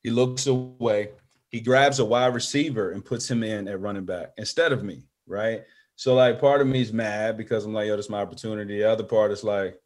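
Middle-aged male guest, lower voice, animated storyteller who does voices for the people in his tale. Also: a little fast. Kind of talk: storytelling interview.

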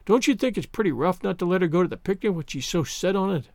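A shy, gentle older farmer in a storybook, speaking softly and hesitantly, as a man reading aloud puts him on. Recorded dry and close. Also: high voice, expressive, fast, dry recording. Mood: pleading. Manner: soft, hesitant, mild.

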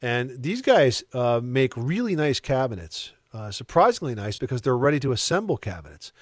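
A man of middle pitch hosts a call-in radio show and gives confident, matter-of-fact advice. His voice is close and dry, with no room sound. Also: big pitch swings, normal speed, no echo. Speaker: radio home-improvement host.

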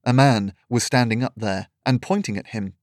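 A man reading a fantasy story aloud in steady, measured scripted narration. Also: medium pitch, no echo, studio quality.

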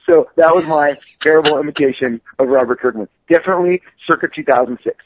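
A man, a comic book artist, chatting casually on a podcast, rambling and animated with plenty of profanity. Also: mid-range voice, fast talker, dry recording, poor audio.

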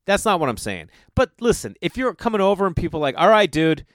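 A man's voice: sits high, fast, no room sound, clean studio sound. A man telling a comic story in a loose monologue, swearing freely and acting out what other people said. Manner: animated, profane, acts out other people's lines.

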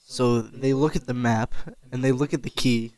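A man's voice: medium pitch, fairly even intonation, normal speed, darkish tone, rough recording. Guy telling a made-up story all mock serious, podcast banter. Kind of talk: improvised storytelling with friends.

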